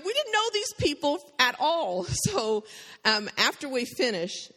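A woman's voice: mid-range voice, fairly bright tone. A woman giving a church testimony, telling her story with emotion and frequent laughter. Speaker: missionary speaker. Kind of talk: testimony sermon. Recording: long hall reverb.

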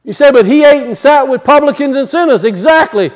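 A male pastor preaching a conversational sermon, acting out little voices and dropping low for asides. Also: expressive, brisk.

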